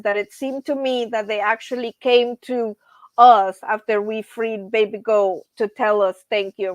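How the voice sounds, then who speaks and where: A middle-aged woman chats on her own livestream, laughing often and calling out to viewers. Her voice sits a little high. The sound is close and dry with no room echo. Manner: chatty, laughs often, reads out chat names. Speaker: livestream host. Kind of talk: casual livestream chat.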